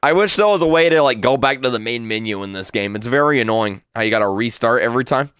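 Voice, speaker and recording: A man's voice: medium pitch, lively intonation, quick pace, fairly bright tone, clear, resonant tone, dry recording, studio quality. Jumpy man muttering through a game. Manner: nervous muttering, repeats phrases. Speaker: gaming YouTuber. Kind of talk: let's play commentary.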